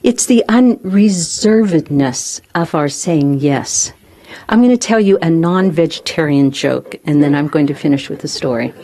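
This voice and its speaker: Lively woman telling stories from her life. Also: low-pitched, a little slow. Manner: lively, acts out remembered dialogue, laughs often. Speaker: spiritual community teacher giving a talk. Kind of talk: personal storytelling talk.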